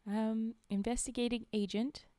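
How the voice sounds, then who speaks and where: A woman's voice: fairly high pitch, little pitch movement, normal speed, mellow, no echo. Giggly woman streamer reading aloud. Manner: giggly, playful asides. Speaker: storytime streamer. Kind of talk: reading aloud and reacting casually.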